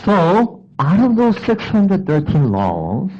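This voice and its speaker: A man delivering a sermon at an unhurried pace, his voice slightly higher than most men's and swinging widely as he acts out voices and fires questions at the congregation. The recording sounds a little dull and lo-fi. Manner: animated, acts out voices of people and God. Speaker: preacher.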